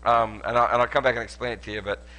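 A man preaching a sermon at a church service, animated and joking as he tells stories. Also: mid-range voice, very fast. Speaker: pastor.

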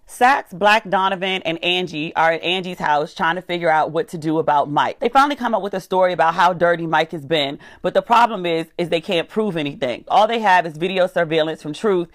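A woman's voice: fairly low pitch, no room sound, clean studio sound. A woman giving a casual, sassy recap of a TV episode, talking back to the characters and acting out their lines. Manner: acts out characters' lines in quick voices.

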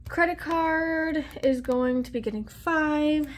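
At her desk at home, a budgeting vlogger chats casually as she counts cash under her breath, dropping little asides. Her voice is high and her pace slow.

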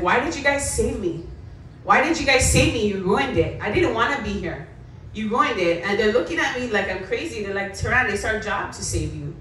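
A woman's voice: mid-range voice, a little hiss or hum. A young adult woman with a Hawaiian accent telling her life story bluntly to a school assembly. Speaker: motivational speaker. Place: school gym or hall. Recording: echoey hall, voice from far off.

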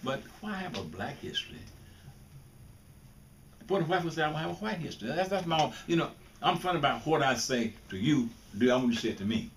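A man's voice: mid-range voice, animated, brisk. Older guy chatting blunt and folksy with students, mic far off, faint hiss behind. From Mississippi. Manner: blunt, folksy, restarts and repeats words. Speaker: guest speaker. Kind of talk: informal talk to students. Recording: distant mic with faint background noise.

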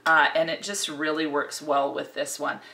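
A woman's voice: low-pitched, level tone, moderate pace, creaky, sharp tone. A woman giving a casual, chatty, enthusiastic perfume review that rambles. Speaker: fragrance reviewer.

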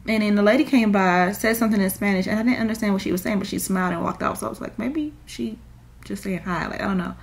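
A woman's voice: medium pitch, steady tone, rapid-fire, creaky, few pauses. A young woman, crying and rambling in a confessional vlog with many fillers. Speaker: vlogger.

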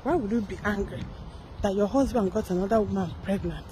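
A woman's voice: medium pitch, fairly quick, dark tone, a little hiss or hum, rough recording. A young Nigerian woman giving a sarcastic gossip commentary, firing off mocking rhetorical questions. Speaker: celebrity gossip vlogger. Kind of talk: satirical commentary vlog.

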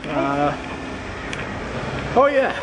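A man rambles through a casual vlog from the driver's seat, correcting himself and chuckling between fillers. His voice sits a touch high for a man. Clear car and traffic noise runs underneath. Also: very animated, drawn-out words. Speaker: vlogger. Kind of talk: casual chat while driving. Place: inside a car in town traffic.

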